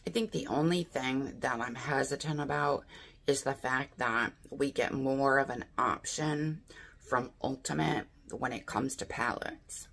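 A woman's voice: extremely low pitch, unhurried, a bit bright, breathy edge. A woman chatting casually through a beauty box unboxing, thinking aloud and asking her viewers what she should do. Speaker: beauty vlogger.

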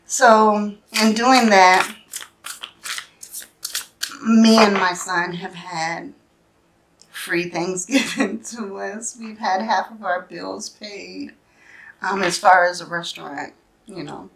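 Woman tarot reader, unhurried and heartfelt, short broken phrases, mid pitch. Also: vocal fry, a bit bright, a little hiss or hum. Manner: earnest, emotional, speaks in short halting phrases with frequent "right?". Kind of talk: spiritual tarot reading, personal storytelling.

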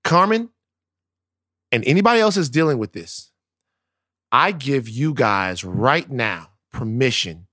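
A male podcast co-host from Louisiana telling stories in casual, profane, animated chat. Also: medium pitch, unhurried, long pauses, no echo, clean studio sound. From Louisiana, United States.

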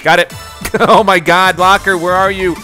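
A man's voice: high-pitched, flat delivery, moderate pace. A man giving let's-play commentary on his own game, yelping and exclaiming when things go wrong. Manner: reacts loudly, yelps and exclaims under pressure. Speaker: gaming video host. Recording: music playing behind the voice.

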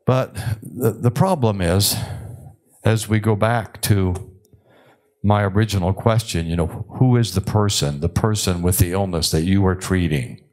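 An older man, a psychiatrist giving a conference lecture in a conversational, wry way, with many filler pauses. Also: sits low, darkish tone.

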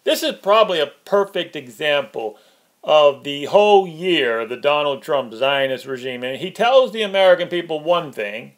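A man's voice: on the high side, expressive. Sarcastic man ranting on camera. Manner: sarcastic, mocking, quickens and rises when worked up, laughs at own jabs. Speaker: political commentary vlogger. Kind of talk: ranting political commentary.

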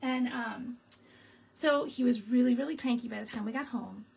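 Chatty woman with a gravelly edge. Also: fairly high pitch, moderate pace, a little mellow, a little hiss or hum, rough recording. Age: middle-aged. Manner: chatty storytelling, laughing often. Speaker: stamping demonstrator and show host. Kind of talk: casual live-stream chat while crafting. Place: home craft room.

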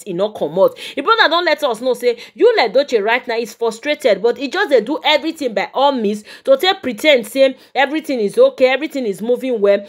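Nigerian woman vlogger, higher-pitched voice, lively gossip commentary straight to camera. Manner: animated, talks straight to her viewers.

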